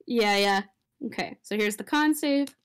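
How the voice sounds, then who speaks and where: A woman playing a tabletop game, chatting in an animated, giggly way. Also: medium pitch, a little slow. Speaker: player. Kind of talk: casual tabletop game chat.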